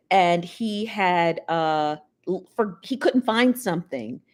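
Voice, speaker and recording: A woman's voice: lowish voice, expressive, slow pace, a little mellow. A woman hosting a casual celebrity gossip livestream, chatty and laughing often as she talks straight to her viewers. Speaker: livestream host.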